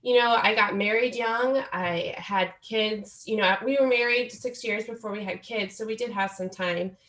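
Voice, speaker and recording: A woman's voice: mid-range voice, moderate pace, fairly bright tone, roomy sound. A woman in her forties, a guest author telling her story in an earnest, reflective way during a podcast interview. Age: 40s.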